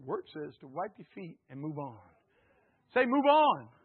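Speaking at normal speed with big swings in pitch, a man preaches a fervent sermon, alternating loud shouts with low tones and having his congregation repeat after him. There's a slight hoarseness in his throat, and the sound is phone quality.

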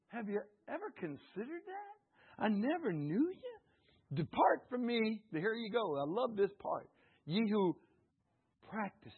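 A man preaching a sermon, calling out questions to the congregation and rising to shouts. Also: high-pitched, slightly rough. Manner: call-and-response, rising to shouts. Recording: tinny phone-like sound.

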